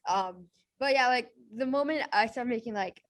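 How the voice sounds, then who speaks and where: Young host, casual and filler-heavy. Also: female voice, on the high side, normal speed. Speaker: podcast host. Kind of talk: casual interview chat.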